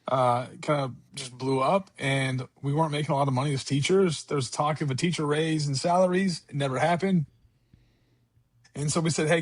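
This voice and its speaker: Man, 40s, podcast guest; earnest storyteller with a higher voice, dry close sound. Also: no echo. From California. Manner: earnest, repeats words and restarts, quotes himself aloud. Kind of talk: candid conversational storytelling.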